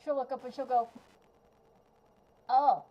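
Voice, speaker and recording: A woman's voice: on the high side, fairly even intonation, a little fast, a little hiss or hum. A woman playing in a tabletop game, describing her character's actions in a casual, easygoing way. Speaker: player. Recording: muffled lo-fi mic.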